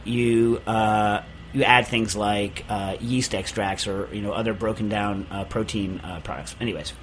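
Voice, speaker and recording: A man's voice: on the low side, a bit bright, slight background noise. A man hosting a podcast in casual chat, ranting in an exasperated way and restarting his sentences often. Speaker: podcast host.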